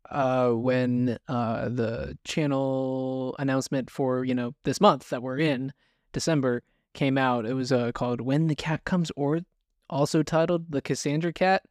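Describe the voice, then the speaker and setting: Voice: medium pitch, unhurried, a little mellow, no room sound, studio quality. A film podcast co-host chatting casually and relaxedly, using fillers like "yeah, no".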